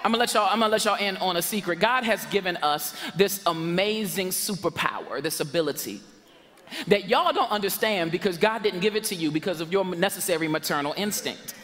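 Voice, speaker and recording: High-voiced, bright, preaching pastor man. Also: fairly quick, big-room sound. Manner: lively preacher, shouts for emphasis and laughs along. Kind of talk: sermon. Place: church sanctuary. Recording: church sanctuary with congregation noise.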